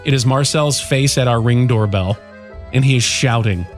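A man hosting a radio morning show, casually telling an animated story about his neighbor. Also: mid-range voice, normal speed, soft background music.

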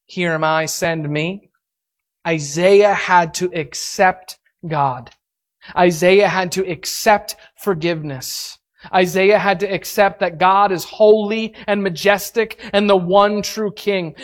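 A woman preaching a sermon, acting out reactions in an animated, expressive way. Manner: animated, acts out reactions with big pitch swings.

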